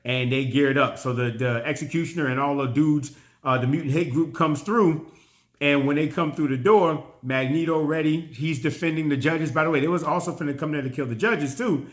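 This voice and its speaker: Slangy, animated man recapping a show. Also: fairly high pitch, fairly quick. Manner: animated retelling, slangy, lots of fillers and restarts. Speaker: TV show reviewer. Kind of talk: casual spoken review and recap.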